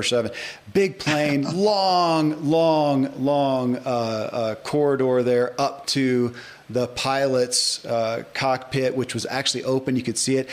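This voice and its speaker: A male podcast host in his forties, talking at a middling pitch. He rambles emphatically, restarting sentences as he chats casually with his guest. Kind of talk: casual interview chat.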